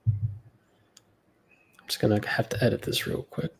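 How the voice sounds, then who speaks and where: A man's voice: moderate pace, a crowd in the background. A man in a casual chat, laid-back and swearing now and then.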